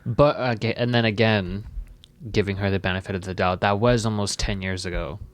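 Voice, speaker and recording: A man co-hosting a casual podcast, calm and measured, offering the reasonable side. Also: on the low side, dry recording. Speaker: podcast co-host.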